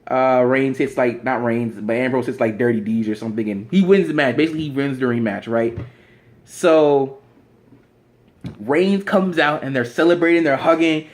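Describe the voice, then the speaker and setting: A man's voice: mid-range voice, moderate pace, a little mellow. A young man in a casual vlog monologue, rambling along with frequent restarts. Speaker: vlogger. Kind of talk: casual fantasy-booking monologue.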